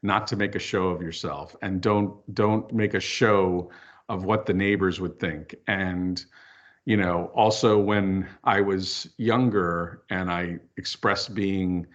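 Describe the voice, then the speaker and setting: Low-voiced guy chatting candidly in an interview, kinda muffled lo-fi audio. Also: slow pace. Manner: candid, storytelling, lively asides. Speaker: filmmaker and author guest. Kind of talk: casual interview chat. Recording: dull lo-fi audio.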